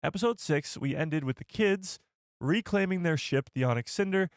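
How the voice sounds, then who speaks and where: Excitable man hosting a live stream. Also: a little high, normal speed, clear, resonant tone, dry recording, studio quality. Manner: excitable, rambling, reads chat aloud. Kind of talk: casual live stream chat.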